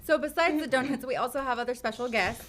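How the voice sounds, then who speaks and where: Bright, upbeat young woman co-host. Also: high voice, fast talker, slight background noise. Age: young adult. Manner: upbeat, salesy, playful. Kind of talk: casual chat show, sponsor plug.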